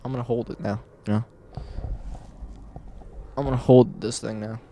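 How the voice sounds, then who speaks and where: In a mellow, medium-pitched voice with fairly even intonation, a man speaks at a moderate pace straight into his camera. His casual motivational vlog is earnest, rambling, and repetitive. The camera mic catches slight background noise.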